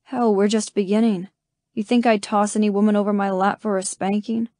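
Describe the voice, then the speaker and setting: A woman reading an audiobook, voicing a blunt, possessive cowboy with a low, firm delivery. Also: level tone, a little fast, mellow, no echo, clean studio sound, natural voice. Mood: assured. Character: rough, blunt cowboy man, commanding and possessive.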